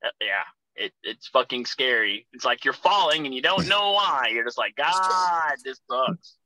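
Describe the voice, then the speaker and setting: A man, a wrestler guest telling profane, animated stories and acting out his own shouting. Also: medium pitch, normal speed, a little hiss or hum, rough recording. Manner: profane, animated storyteller, acts out shouting in quotes. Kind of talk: casual storytelling chat.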